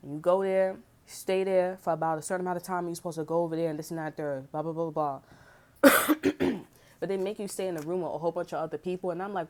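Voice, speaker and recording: A woman's voice: lowish voice, fairly even intonation, quick pace. Blunt, profane woman talking street slang. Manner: frequent throat clearing. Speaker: tarot reader. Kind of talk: casual unscripted tarot reading monologue.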